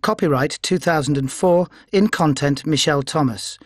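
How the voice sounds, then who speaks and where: A man's voice: fairly high pitch, moderate pace, dry recording, studio quality. A man giving a formal announcer's introduction to a recorded course.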